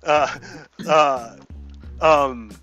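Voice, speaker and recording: Let's-play host, male, slightly high voice, heated and repetitive casual rant with swearing. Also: fairly even intonation, very slow, sharp tone, faint music behind. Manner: heated, profane, repeats himself. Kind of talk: casual political rant while gaming.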